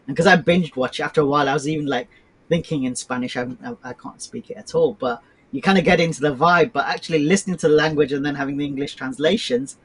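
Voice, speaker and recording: A man's voice: a little high, quick pace, a bit bright, slightly rough, poor audio. A man hosting a casual podcast chat, friendly and agreeable, passing the talk to his guests.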